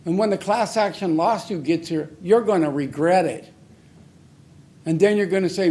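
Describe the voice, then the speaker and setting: Angry guy at the city council podium mic, high voice, blunt and repeating himself. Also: normal speed, dark tone. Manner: angry, accusing, confrontational. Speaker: member of the public giving comment. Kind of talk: public comment at a council meeting.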